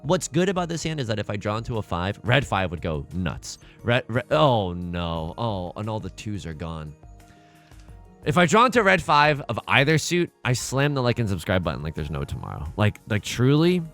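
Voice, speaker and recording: A man's voice: on the low side, big pitch swings, moderate pace, a bit bright, faint music behind. A man hosting a let's play, talking through his game in an exasperated, stammering, self-mocking way. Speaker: gaming channel host.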